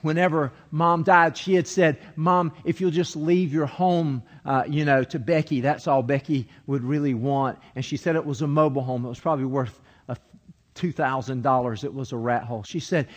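A man's voice: fairly high pitch, steady tone, normal speed. A man preaching a sermon as pastor, telling a story and reading scripture, acting out the quoted voices as he goes.

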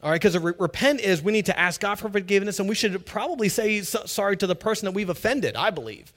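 A man preaching a sermon as pastor, conversational and animated, acting out little quotes. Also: sits high, quick pace.

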